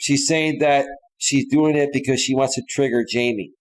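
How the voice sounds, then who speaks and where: A man's voice: medium pitch, fairly even intonation, normal speed. A man hosting a live stream, casually chatting and reading out viewer comments and donations. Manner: laid-back, says "bro" and "man" often.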